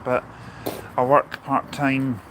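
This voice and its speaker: A man's voice: medium pitch, flat delivery, slow pace, background noise. A Scottish man hosting a casual outdoor livestream, chatting, joking and reading viewer comments aloud. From Scotland. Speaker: livestream host. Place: outdoors at a railway station in the rain.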